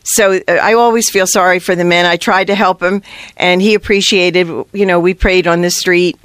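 Earnest sidewalk counselor sharing stories with a priest, chatty and halting, dry close sound. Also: medium pitch, fairly even intonation, a bit bright, clear, resonant tone, dry recording. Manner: chatty and earnest, with many restarts. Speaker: pro-life sidewalk counselor. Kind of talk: telling stories to a priest on a talk show.

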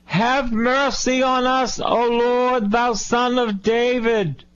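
Desperate blind beggars hollering for mercy, as a male preacher puts them on, high and strained on a dull, lo-fi broadcast. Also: level tone, slow, a bit bright, full character voice. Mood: pleading hollers. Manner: hollering, pleading. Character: desperate blind men crying out to be heard.

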